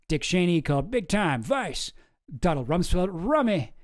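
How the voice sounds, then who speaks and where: A man's voice: a little high, animated, moderate pace, darkish tone. A man hosting his channel, reading through documents and commenting in a rambling, profane way that keeps interrupting itself. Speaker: channel host.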